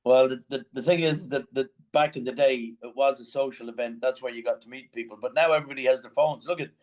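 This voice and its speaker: A man's voice: medium pitch, fairly even intonation, quick pace, darkish tone, lo-fi sound. An Irish man from Ireland, a guest chatting casually over a remote call, reflective and heavy on "you know" fillers. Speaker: podcast guest. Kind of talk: casual chat.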